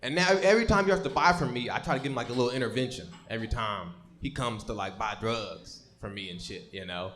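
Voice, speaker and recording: A man's voice: mid-range voice, fast talker, hardly any pauses, a bit bright. A young man doing a live stand-up set on a comedy stage, telling rambling, profane stories with lots of stammered restarts. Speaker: stand-up comic.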